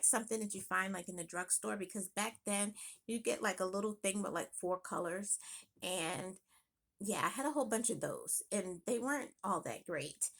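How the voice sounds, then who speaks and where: A woman chatting casually in a home makeup vlog, thinking aloud with quick exclamations. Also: medium pitch, creaky, fairly bright tone. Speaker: beauty vlogger. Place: home room.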